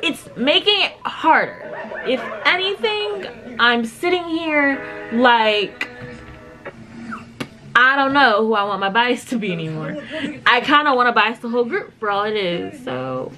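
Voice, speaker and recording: High, lively woman reacting with music behind. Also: measured pace. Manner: gushing and exclamatory, talks to viewers. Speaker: YouTube reaction host. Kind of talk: casual reaction commentary. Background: music from the video being watched.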